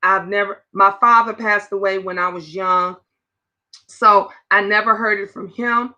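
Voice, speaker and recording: A woman in her fifties hosting a casual livestream chat, animated and talking straight to her viewers. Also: medium pitch, unhurried, muffled recording. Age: 50s. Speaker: livestream host.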